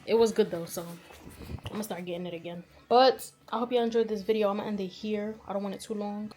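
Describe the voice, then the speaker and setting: A woman in her twenties from New York, chatting casually to the camera while tidying her bedroom and thinking out loud about where things should go. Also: mid-range voice, fairly even intonation, fast, faint music behind. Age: 20s. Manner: chatty, thinking aloud, often unsure. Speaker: vlogger. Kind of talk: casual chat while cleaning. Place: bedroom at home.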